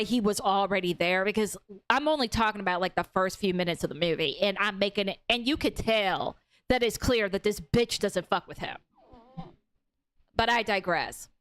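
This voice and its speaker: A young woman with a high, smooth, clear voice talks through a film on her livestream. She is animated and blunt, swearing freely as she tells the story. The feel is a loose, casual review. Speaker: movie review livestream host.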